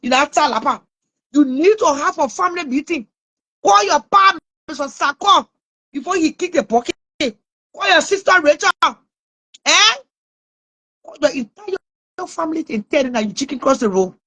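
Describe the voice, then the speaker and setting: A woman's voice: sits high, animated, normal speed, long pauses, bright, forceful tone. A woman with a Liberian English accent, ranting and scolding someone online with mocking laughs. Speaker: online commentator. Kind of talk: taunting live rant.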